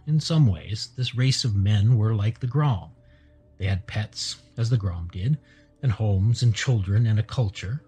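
Guy reading a sci-fi audiobook, low raspy dark voice, faint music behind. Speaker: audiobook narrator. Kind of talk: scripted narration.

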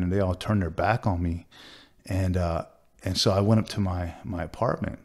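A man, a tattoo artist, earnestly recounting a personal story in a sit-down interview, halting and restarting with many fillers. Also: low voice, a little mellow.

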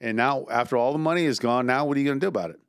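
A man's voice: mid-range voice, very fast, clean tone, no room sound, clean studio sound. A man, an attorney co-hosting a podcast, telling stories and explaining points in a wry, chatty way. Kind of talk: casual podcast banter.

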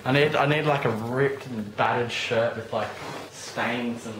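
A man's voice: medium pitch, a little slow, a bit bright. A young man casually joking on set while directing an amateur film, counting down takes. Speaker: amateur filmmaker. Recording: echoey room with crowd noise.

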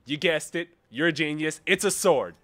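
A young man commentating his own gameplay, boastful and profane, swinging between low mutters and loud triumphant yelling. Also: moderate pace. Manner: profane, boastful, self-mocking. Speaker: gaming streamer.

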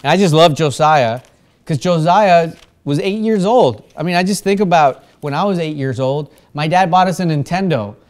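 A man's voice: on the high side, normal speed. A man preaching to a church congregation in a conversational way, with frequent fillers and restarts. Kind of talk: informal sermon.

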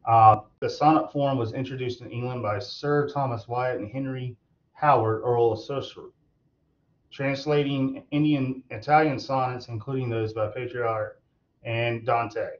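Male tutor, mid-pitched, loose and halting delivery with fillers, dull lo-fi recording. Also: fairly even intonation. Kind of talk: recorded online lecture.

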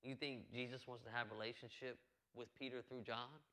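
A man's voice: mid-range voice, level tone, brisk, sharp tone. A male pastor preaching a sermon in an earnest, conversational way, repeating phrases and adding asides.

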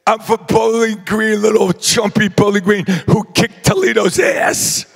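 An older man, giving a rowdy acceptance speech full of brash shouted jokes. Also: sits high, level tone, a little slow, gravelly, big-room sound. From New Jersey. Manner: boisterous, shouting, brash joking. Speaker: hall of fame inductee.

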